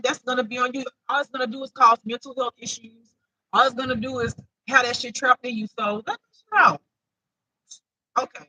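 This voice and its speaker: Woman, intuitive spiritual reader; very bright, sharp tone, dry close sound, emphatic with loud laughing outbursts. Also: on the high side, no echo, low-quality recording. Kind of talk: casual spiritual reading to camera.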